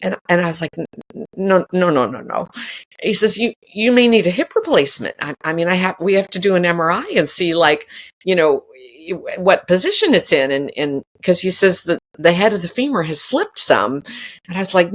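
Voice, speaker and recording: Woman in her 60s on a podcast, super animated storytelling, pitch jumps all over, laughs a lot, acts out the other voices. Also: moderate pace. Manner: animated, laughing often, acting out quoted dialogue. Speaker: podcast guest. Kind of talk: storytelling in casual conversation.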